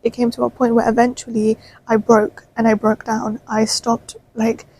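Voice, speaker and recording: A woman in her twenties telling a personal story to the camera in a chatty, animated way. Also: a little high, moderate pace, a little hiss or hum, rough recording. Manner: chatty, animated, full of fillers. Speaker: vlogger.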